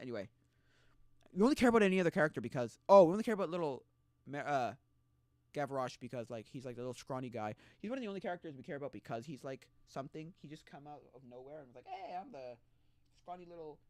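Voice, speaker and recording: A man streaming a casual chat, rambling and halting with restarts, often mocking the people he talks about in put-on voices. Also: a little high, a little mellow, dry recording.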